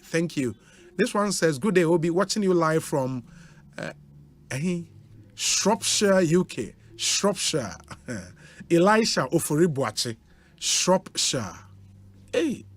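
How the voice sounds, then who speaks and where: A man's voice: on the high side, fairly bright tone. A man with a Ghanaian accent, a radio host reading out listener greetings on air in a chatty way, with interjections between names.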